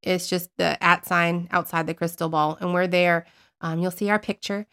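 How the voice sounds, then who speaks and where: A woman co-hosting a casual podcast about paranormal investigation, telling her stories in a chatty, animated way and poking fun at herself. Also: on the low side, moderate pace. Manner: chatty, animated storytelling, self-mocking. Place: based in Northeast Florida.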